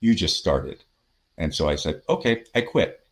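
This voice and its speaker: With a very deep voice at normal speed, a man who consults in sales shares workplace stories as a podcast guest. He narrates in an animated, conversational style and acts out each quoted person.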